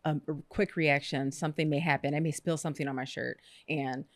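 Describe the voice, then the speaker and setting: A woman co-hosting a podcast, telling everyday stories in a lively, chatty way. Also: low voice, dry recording. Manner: lively storyteller, quick asides. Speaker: podcast co-host. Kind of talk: casual conversation.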